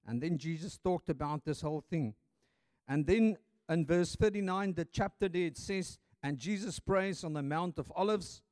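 A man's voice: a little high, moderate pace, darkish tone, no room sound. A man preaching a sermon, reading scripture aloud with dramatic emphasis.

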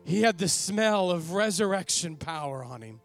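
Faint music plays behind a man whose voice sits high, with lively intonation at a normal speed. He performs a dramatic first-person monologue as an earnest ex-fisherman apostle, older and awestruck, reverent and emotional as he draws out sighing exclamations.

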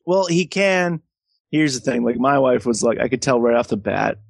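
A man's voice: medium pitch, expressive, normal speed, gravelly, no echo, studio quality. A man co-hosting a podcast in casual chat, laid-back, laughing often and swearing freely. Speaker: podcast co-host.

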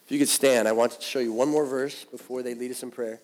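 A man's voice: mid-range voice, fairly even intonation, fast talker, few pauses, a little mellow. A man preaching a sermon as pastor, talking conversationally and with animation. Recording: long hall reverb.

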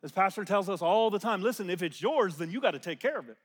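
A man preaching a sermon in church. He moves between loud proclaiming and hushed, almost whispered lines, repeats phrases, and leads the congregation in call-and-response. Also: high voice, animated, fairly quick, slightly rough, in a large hall.

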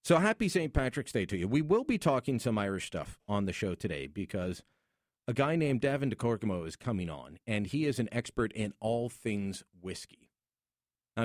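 A man's voice: lowish voice, dry recording, studio quality. A middle-aged Canadian man hosting a radio show, telling a personal story with wry humor in a casual on-air monologue. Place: radio studio.

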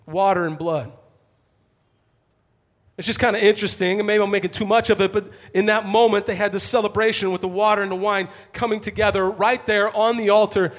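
A male pastor delivering an impassioned sermon to a congregation, swinging from fervent calls to hushed intensity. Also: high voice, steady tone, fairly quick. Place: church, before a congregation.

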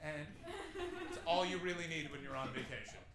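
A man's voice: fairly high pitch, a little fast, reverberant, a crowd in the background, low-quality recording. A man in his thirties doing a stand-up set on a club stage, telling rambling, self-deprecating stories with crude asides. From Canada. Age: 30s. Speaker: stand-up comedian.

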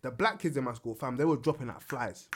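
A man's voice: mid-range voice, animated, fast, noisy background. A young man who works in a school, telling stories emphatically in a casual group chat. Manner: emphatic, peppers speech with "fam". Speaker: school worker.

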